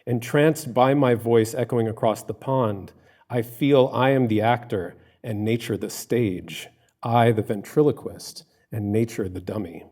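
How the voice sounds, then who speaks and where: Male academic lecturer, measured and literary. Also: mid-range voice, a little mellow. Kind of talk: live academic lecture, reading a written paper aloud. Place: in front of a live audience.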